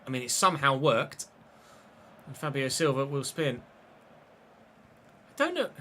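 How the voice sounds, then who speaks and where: A man, chatting and commentating excitedly while streaming a football game. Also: mid-range voice, measured pace, slight background noise. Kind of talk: live gameplay commentary.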